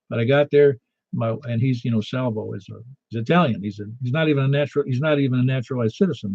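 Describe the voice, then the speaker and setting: A man's voice: medium pitch, mellow, dry recording, lo-fi sound. A man in his sixties from Niagara Falls, New York, hosting a ham radio net in a casual, self-deprecating, storytelling way. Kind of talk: casual on-air radio chat.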